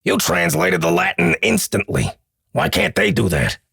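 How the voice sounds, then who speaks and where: A man's voice: medium pitch, huge pitch swings, normal speed, gravelly, sharp tone, slightly rough, no room sound, clean studio sound, heavily acted. A man voicing a blunt, impatient older man who speaks brusquely.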